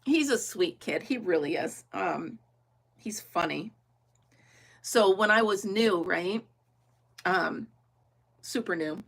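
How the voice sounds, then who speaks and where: A woman's voice: fairly low pitch, expressive, takes it slowly, gravelly, long pauses. A middle-aged woman chatting casually and laughing often as she crafts on a livestream, thinking aloud and talking to her viewers. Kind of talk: casual chat while crafting.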